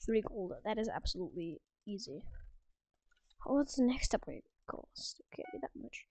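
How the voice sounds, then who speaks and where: A woman's voice: mid-range voice, big pitch swings, moderate pace, mellow. A woman giving casual, self-mocking gameplay commentary from a room at home, often dropping into whispered asides. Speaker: gaming video creator.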